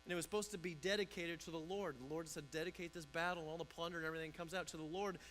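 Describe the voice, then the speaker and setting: A man's voice: a little high, steady tone, very fast, a bit bright, faint music behind, low-quality recording. A man pastor preaching a conversational sermon in a church, often restarting and repeating words.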